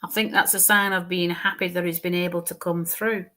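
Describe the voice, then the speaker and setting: During a live mediumship reading, a woman speaks in a lowish, bright, forceful voice with fairly even intonation. She halts and repeats words as she describes what she sees, sometimes falling to a murmur.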